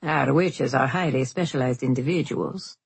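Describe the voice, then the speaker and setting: Lady reading as a polished proud guildmaster guy, higher voice, husky, dry close sound. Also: normal speed, dry recording, exaggerated voice. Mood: polite. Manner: courteous, smoothly proud. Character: polite genteel male silk guildmaster.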